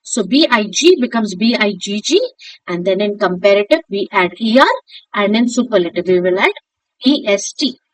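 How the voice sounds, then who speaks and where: A woman teaching a grammar lesson, spelling words out slowly and asking and answering her own questions. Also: medium pitch, expressive, dry recording, low-quality recording. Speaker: English teacher.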